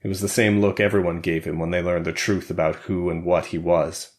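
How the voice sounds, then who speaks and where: A man narrating an audiobook in a steady, even reading. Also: sits low, a little fast. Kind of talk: scripted narration.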